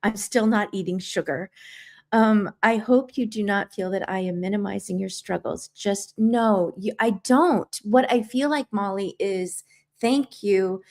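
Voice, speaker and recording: Tearful woman chatting on a livestream. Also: medium pitch. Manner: tearful, earnest, reads viewer comments aloud. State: crying. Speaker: livestream host. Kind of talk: emotional livestream chat reading comments.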